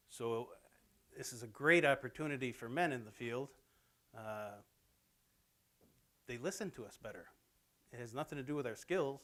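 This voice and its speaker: A man's voice: medium pitch, fairly bright tone. A middle-aged man presenting to students in a college theatre, speaking plainly and conversationally with lots of personal anecdotes. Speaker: presenter at a campus talk. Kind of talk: informal lecture to students. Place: college theatre, in front of an audience.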